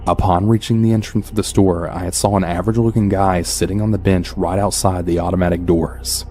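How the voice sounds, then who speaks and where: A man narrating a true horror story in the first person, calm and even. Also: sits low, a little fast, slight background noise. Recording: soft background music.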